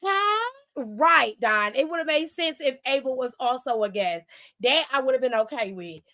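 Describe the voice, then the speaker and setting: A woman host giving a sassy, animated wrestling recap full of slang and swearing. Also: high voice, moderate pace. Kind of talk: casual recap commentary.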